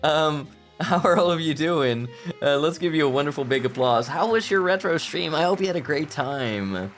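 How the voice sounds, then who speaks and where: A man chatting live as a VTuber host in a playful, giggly way, swinging his pitch up and down in lively swoops. Faint music plays softly behind him as he talks to his chat. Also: normal speed. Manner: playful, giggly, theatrical outbursts. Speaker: VTuber streamer. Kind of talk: casual livestream chat.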